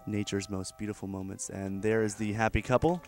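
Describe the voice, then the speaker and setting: A man with a fairly low voice gives mock broadcast commentary, playing an event reporter. His delivery is deadpan and mock-formal, like a stiff announcer. Faint music plays behind him. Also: fairly quick.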